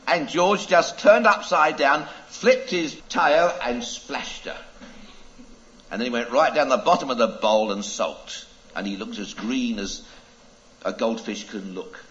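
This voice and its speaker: Animated preacher telling a story. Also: male voice, mid-range voice, highs cut off. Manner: animated, dramatic, drawn-out phrases. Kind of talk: children's story with a moral.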